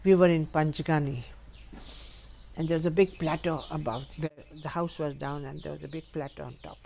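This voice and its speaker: An older woman's gravelly voice sits low and moves a little fast, with a bit of hiss or hum on the recording. At home, she recalls her life through funny, lively stories, laughing frequently.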